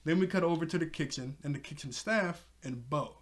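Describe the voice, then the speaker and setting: Casual rambling male reviewer, slightly high. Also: fairly quick. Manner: rambling, filler-heavy, chuckles often. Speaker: TV show reviewer. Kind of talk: casual episode recap.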